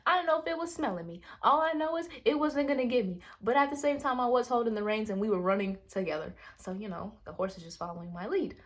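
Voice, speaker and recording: Animated high-voiced woman telling stories. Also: fast talker, hardly any pauses. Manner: animated, rambling, quotes herself in hushed asides. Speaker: vlogger. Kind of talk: casual storytelling vlog.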